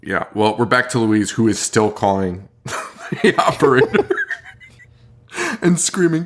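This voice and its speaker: A man's voice: mid-range voice, big pitch swings, moderate pace. A young man co-hosting a podcast, recapping a horror movie in casual talk, swearing a lot and laughing often. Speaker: podcast co-host.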